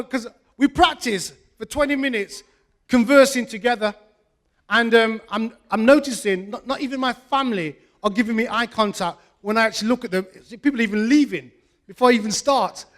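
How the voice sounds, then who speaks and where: A man's voice: extremely high pitch, normal speed, a bit bright. A man hosting a live community event, teasing the audience and joking at his own expense on a handheld microphone. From England. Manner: self-mocking, teasing, comic asides. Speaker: event host. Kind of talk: joking stage banter with the audience.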